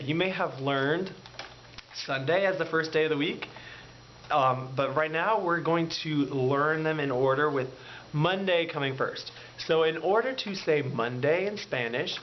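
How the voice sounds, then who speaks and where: Guy teaching a lesson real slow, voice bouncing up n down on the words, kinda dull lo-fi sound w faint hiss. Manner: pitch swings up and down on drilled words. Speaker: language teacher. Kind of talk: slow, drawn-out classroom teaching with call and repeat.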